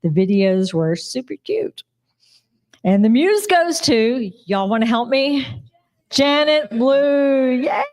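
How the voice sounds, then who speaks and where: A woman's voice: a little high, sing-song, measured pace, darkish tone. Chatty woman presenting awards. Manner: chatty, giggly, apologetic over name slips. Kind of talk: reading award announcements at a live ceremony. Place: live awards banquet.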